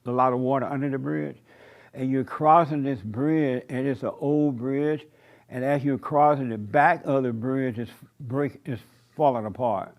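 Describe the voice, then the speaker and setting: A man's voice: mid-range voice, a little mellow. A man preaching a sermon in an emphatic, repetitive cadence with folksy turns of phrase. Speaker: pastor.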